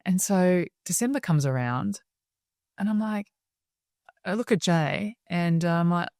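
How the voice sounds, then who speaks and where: An Australian woman speaking as a podcast guest, telling stories in a lively, chatty way and laughing often. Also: on the low side, unhurried, no echo, studio quality. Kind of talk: casual interview storytelling.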